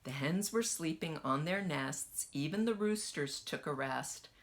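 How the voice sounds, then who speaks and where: A woman kindergarten teacher gently reading a picture book aloud to children and asking them questions as she goes. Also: low-pitched, a little hiss or hum. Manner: slow, lively sing-song storytelling.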